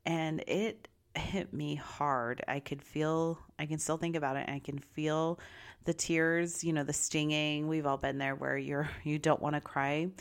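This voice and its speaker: A middle-aged woman with a notably low voice shares a personal story. She talks in a candid, bubbly way and confides in her listeners. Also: fairly even intonation, measured pace, clear, resonant tone. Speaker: vlogger.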